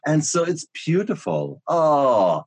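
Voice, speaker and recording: Low husky German-accented man. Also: unhurried. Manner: warm, encouraging, laughs often. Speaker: podcast host. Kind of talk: casual interview chat.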